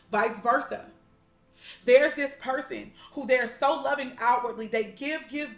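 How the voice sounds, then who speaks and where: Woman, tarot reader, casual spiritual reading, chatty, heartfelt, slightly high voice, echoey room. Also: fairly bright tone. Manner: chatty and heartfelt, addresses viewers as y'all and baby, swears casually. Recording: roomy echo.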